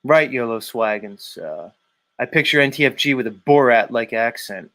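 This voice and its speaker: Man, livestream host, rambling, teasing, casual chat, mid-pitched voice. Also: lively intonation, normal speed, fairly bright tone. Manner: rambling, teasing viewers by name. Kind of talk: casual live-stream chat.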